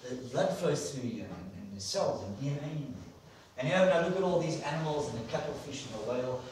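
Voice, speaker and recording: A man's voice: mid-range voice, animated, brisk, a little mellow, a little hiss or hum. A man preaching an enthusiastic sermon in a church, repeating words for emphasis. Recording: echoey church hall from far off.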